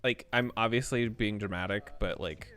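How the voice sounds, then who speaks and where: A man's voice: lowish voice, moderate pace, a bit bright, soft background music. A man streaming a game and chatting casually in a rambling, candid way, full of fillers and restarts. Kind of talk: casual chat while streaming.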